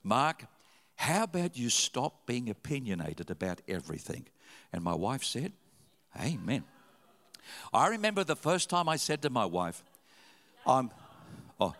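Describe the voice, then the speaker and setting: A male pastor preaching a sermon, telling stories with sudden loud, animated rises. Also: mid-range voice, unhurried, pauses often. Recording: long hall reverb.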